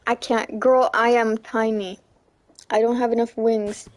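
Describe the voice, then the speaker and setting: A young woman chatting casually through a gameplay livestream, giggly and chatty, squealing when something excites her. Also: fairly high pitch, measured pace. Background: faint game music.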